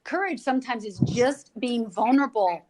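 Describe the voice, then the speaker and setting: High-voiced encouraging woman host. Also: expressive, moderate pace, a little mellow, low-quality recording. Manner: emotive, encouraging interviewer. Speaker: podcast host. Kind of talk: podcast interview.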